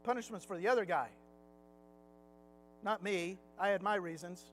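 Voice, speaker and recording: A man's voice: high voice, moderate pace, a bit bright, slight background noise, low-quality recording. A middle-aged man teaching a Sunday Bible class in a church classroom, chatty and anecdotal, slipping into acted quotes. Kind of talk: conversational Sunday Bible lesson.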